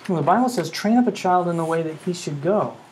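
A male music professor gives a classroom lecture, speaking earnestly, checking in with rhetorical questions, and humming melodies. His voice is high-pitched, expressive, fast, and a little mellow, with slight background noise and a rough recording.

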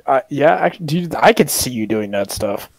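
Lively-voiced guy teasing on a call. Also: medium pitch, normal speed. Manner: teasing, laughs a lot. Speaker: friend on voice call. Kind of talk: casual chat on a call. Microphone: headset on a voice call.

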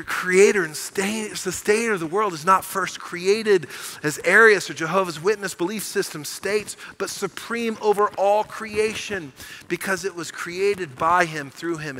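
Man, sermon, high voice, bright tone, emphatic and animated. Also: normal speed, low-quality recording. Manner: animated storytelling, rising to emphatic proclamation. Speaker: pastor. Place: church sanctuary.

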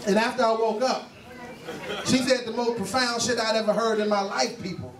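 A man's voice: high-pitched, normal speed. Man doing crude stand-up in an echoey club. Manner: crude storytelling, quizzing the crowd. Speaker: stand-up comedian. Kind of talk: stand-up set. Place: live comedy lounge. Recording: echoey club from far mic with crowd noise.

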